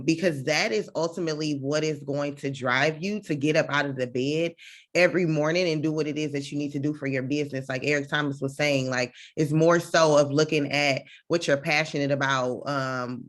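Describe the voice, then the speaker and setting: A woman hosting a group video call, chatty and loose, with a casual style and many "um"s. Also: low-pitched. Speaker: call host.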